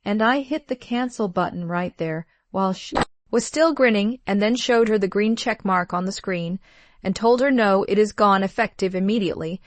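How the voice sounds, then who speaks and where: Steady woman storyteller, calm and measured, mid-pitched, dry studio sound. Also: dry recording. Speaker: narrator. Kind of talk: first-person story narration.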